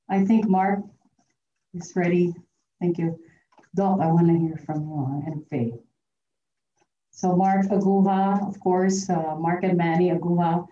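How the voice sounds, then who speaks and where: Woman emcee at a memorial, gracious, low dark voice, faint background noise. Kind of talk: introducing speakers. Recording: roomy, distant, dull lo-fi sound.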